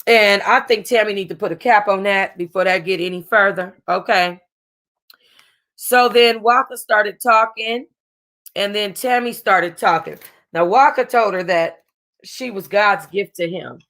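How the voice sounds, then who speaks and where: A woman hosting her own review channel talks through a reality TV episode, fighting back tears as she goes. Her voice has a gravelly, fried edge, and she rambles in loose, slangy chat full of restarts. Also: medium pitch, unhurried, fairly bright tone. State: close to crying. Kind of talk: casual chat.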